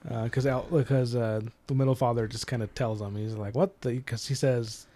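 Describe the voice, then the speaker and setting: A man's voice: mid-range voice, flat delivery, normal speed, dark tone. A man co-hosting a casual book discussion podcast, laughing often and acting out characters' lines. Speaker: podcast co-host.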